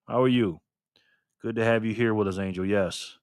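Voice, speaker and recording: A man's voice: mid-range voice, normal speed, pauses often, fairly bright tone, clean tone, no room sound, studio quality. An older man hosting a livestream alone at his desk, upbeat as he greets viewers by name and thanks them for donations. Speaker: livestream host. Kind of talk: casual livestream chat, reading donations. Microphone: desk mic facing a camera.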